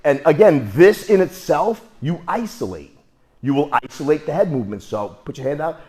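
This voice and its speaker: A man's voice: fairly high pitch, expressive, normal speed, warm tone. A man teaching martial arts. He coaches students through drills with repeated, emphatic cues and counts out the moves.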